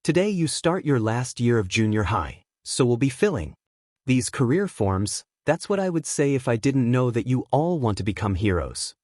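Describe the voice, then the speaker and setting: A man's voice: mid-range voice, big pitch swings, moderate pace, a little mellow, no room sound, studio quality, close to an everyday voice. A man voicing a lazy male schoolteacher.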